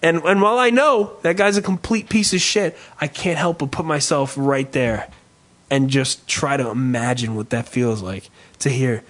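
A man hosting a podcast in casual chat, rambling and swearing freely while riffing with dark humor. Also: mid-range voice, moderate pace. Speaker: podcast host.

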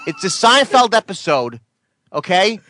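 Man, stammering radio regular, high voice, big pitch swings, bright edge, blows up when interrupted. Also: sing-song, no echo. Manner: stammering, easily flustered, quick to angry outbursts. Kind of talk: comedic radio banter.

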